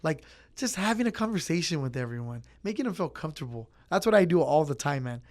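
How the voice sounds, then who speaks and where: A man's voice: on the high side, sing-song, quick pace, darkish tone. A young man in the service trade, talking casually in an interview and acting out chats with customers. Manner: easygoing, acts out customer chats. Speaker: pizza place worker.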